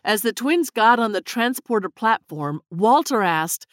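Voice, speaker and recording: Storybook narrator woman, expressive, lively high pitch, very dry close sound. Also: measured pace, few pauses, no echo. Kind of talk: children's storybook reading.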